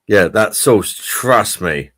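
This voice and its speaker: A man with a very low voice hosts a laid-back online pub chat, rambling about food and swearing freely. The sound is dry and close, with no room echo. His talk is loose and enthusiastic. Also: lively intonation, takes it slowly, fairly bright tone. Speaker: livestream pub chat host. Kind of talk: casual chat. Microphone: streaming call mic.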